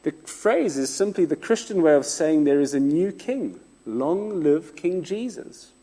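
A man preaching a sermon, with expressive rhetorical repetition and some self-deprecating humor. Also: on the high side, a little slow. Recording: long reverb of a large room.

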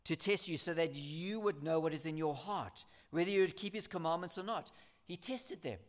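A man preaching a sermon in a somewhat high voice. He speaks earnestly and with emphasis, stacking repeated phrases as his points build. He slows down to read scripture aloud. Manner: reads scripture aloud slowly.

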